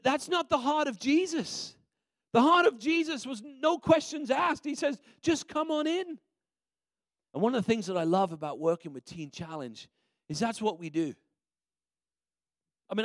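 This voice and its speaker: A man's voice: sits high, no room sound. A man preaching a sermon as a minister, telling a story in a conversational way with frequent restarts.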